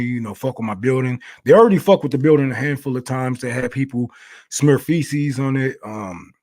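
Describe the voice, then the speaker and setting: A man's voice: mid-range voice, a little mellow, dry recording, clean studio sound. A man hosting a casual livestream, talking bluntly and profanely in a rambling way and turning to heated, indignant rants. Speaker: livestream news commentator.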